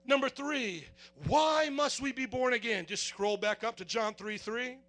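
A man preaching an energetic sermon to a congregation, animated and comic, acting out little scenes and raising his voice to a shout. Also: very high voice, unhurried, hardly any pauses. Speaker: pastor. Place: church before a congregation.

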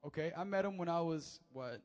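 A young man preaching a sermon from a church stage, animated and acting out the quotes as he tells the story. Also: on the high side, a little fast. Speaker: pastor. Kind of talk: lively sermon. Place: church stage before a congregation.

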